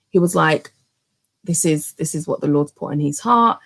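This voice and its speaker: Woman, 30s, low gravelly voice, chatty personal vlog storytelling with lots of restarts. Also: normal speed. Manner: animated, many fillers and restarts. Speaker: channel host telling her story.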